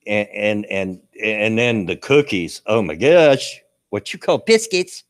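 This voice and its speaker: A man's voice: lowish voice, animated, slow pace. A man hosting a casual chat show, folksy and chatty, repeating his words. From American South. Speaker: host.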